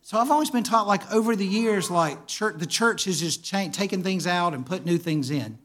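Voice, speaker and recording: Man voicing a halting male friend, tentative, self-correcting, high-pitched. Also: fairly bright tone. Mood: uncertain. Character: hesitant, unsure adult male friend.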